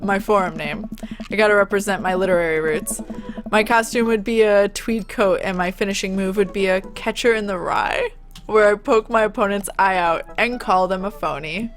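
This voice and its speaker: A nerdy teacher dad with a dry, bookish wit, read out by a woman streamer in her own voice. He speaks at an ordinary middle pitch and keeps it wry and understated, a dating game character. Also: moderate pace, soft background music, lightly acted.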